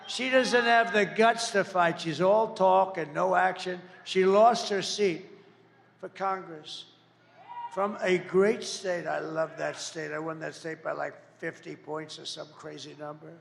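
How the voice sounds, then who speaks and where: A man's voice: sits high, fairly even intonation, a little slow, creaky, in a large hall. A man giving a rambling, repetitive rally speech as a political candidate, jabbing with insults and asides. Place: large campaign event venue.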